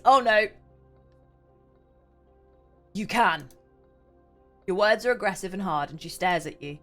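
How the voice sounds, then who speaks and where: A woman's voice: mid-range voice, moderate pace, pauses often, fairly bright tone, faint music behind. A woman streaming a game, reading its text aloud and reacting with mock indignation.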